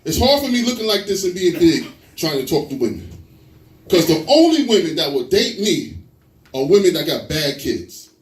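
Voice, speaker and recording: A man performing a stand-up comedy set, telling animated stories and slipping into quoted voices, in a live venue. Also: fairly high pitch, moderate pace. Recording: echoey live venue, mic at a distance.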